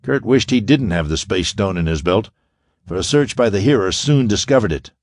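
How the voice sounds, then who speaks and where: A man narrating a pulp sci-fi audiobook in expressive storytelling fashion. His voice is very deep, with a lively, swinging melody. The recording is close and dry. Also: moderate pace, no echo.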